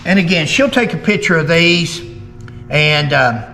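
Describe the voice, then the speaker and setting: A folksy man talks history in a fairly high, bright voice that rings out in a hall-like room with a long reverb. He is opinionated, and he slows right down to hammer home a point. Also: expressive, gravelly, soft background music. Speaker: history show host. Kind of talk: casual history talk, reading old articles aloud.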